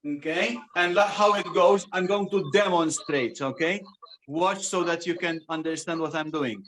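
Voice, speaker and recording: A man's voice: on the high side, moderate pace. A man facilitating a group sound ceremony, patiently instructing and counting breaths aloud as the group chants vowels together. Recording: live recording with steady noise and clicks.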